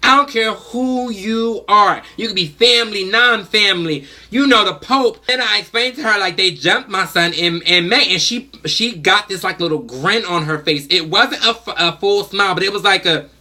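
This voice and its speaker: A woman telling a story to the camera in a casual vlog, talking in an animated, blunt and emphatic way. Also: medium pitch, moderate pace, hardly any pauses. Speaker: vlogger, mother.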